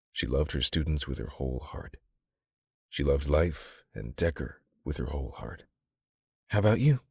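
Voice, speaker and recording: Very deep, husky male audiobook narrator. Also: no echo, clean studio sound. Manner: steady, intimate storytelling. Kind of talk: scripted narration.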